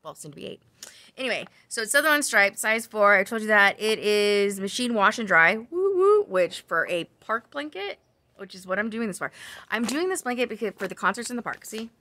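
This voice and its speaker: A woman's voice: medium pitch, animated, fairly quick, pushed and bright, dry recording. A woman vlogging about her crochet projects in a casual, rambling chat full of tangents, ums and self-corrections. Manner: chatty, rambling with side tangents.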